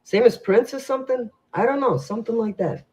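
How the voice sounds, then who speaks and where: A man with a very high, slightly mellow voice speaks a little fast as co-host of a casual advice podcast. He tells rambling, filler-packed stories, and the recording has a dull, lo-fi sound.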